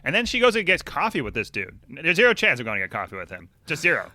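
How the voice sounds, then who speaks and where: Male co-host, casual chat; bright, cutting voice, blunt profane indignation. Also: fairly high pitch, huge pitch swings, fast, dry recording. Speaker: podcast co-host.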